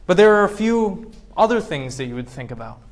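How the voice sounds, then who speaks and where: A male professor giving a classroom lecture, firing quick questions at his students and acting out voices to make his points. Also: sits high, very animated. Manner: acts out voices to demonstrate points.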